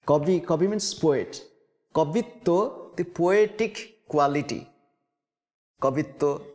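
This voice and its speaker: A man giving a spiritual lecture, speaking slowly and deliberately and repeating key words. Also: fairly high pitch, darkish tone. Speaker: spiritual teacher. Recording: long hall reverb.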